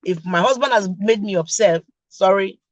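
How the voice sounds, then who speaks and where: A woman's voice: mid-range voice, moderate pace, dry recording. A middle-aged woman with a Nigerian accent hosting a casual chat, laughing often and teasing her viewers directly. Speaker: podcast host.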